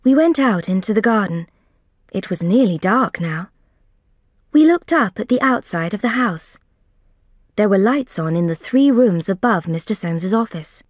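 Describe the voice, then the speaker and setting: A woman reading a graded story aloud for English learners, careful and deliberate. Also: mid-range voice, expressive, dry recording, clean studio sound.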